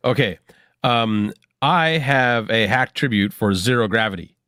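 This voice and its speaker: A man's voice: on the low side, measured pace, a bit bright, clean tone, no room sound. Dry-sounding man playing a tabletop game. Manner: chatty, laughs often. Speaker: player.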